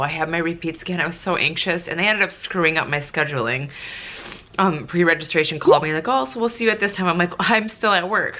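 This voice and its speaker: A woman's voice: sits low, sharp tone. A young woman chatting through a casual Q&A vlog, emotional and close to tears at times, with lots of fillers. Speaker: nurse and vlogger.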